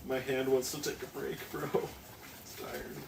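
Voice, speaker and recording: A man's voice: mid-range voice, little pitch movement, fairly quick, creaky. A teenage boy live-streaming while he bakes, chatting in a rambling, self-mocking way and swearing casually. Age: teens. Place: home kitchen. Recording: echoey room, distant mic, noisy.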